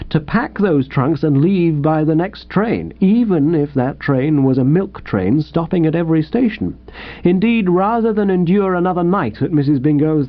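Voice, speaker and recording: A man reading a comic story aloud in an expressive, animated narration, in a dull lo-fi recording. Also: fairly high pitch. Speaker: audiobook narrator.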